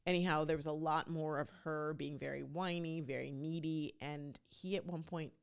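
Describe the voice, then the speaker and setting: A woman with a low voice and a gravelly edge hosts a casual talk podcast. She is chatty and emphatic and speaks straight to her listeners. Her delivery stays loose and conversational throughout. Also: fairly even intonation, moderate pace. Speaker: podcast host. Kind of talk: casual reality TV recap commentary.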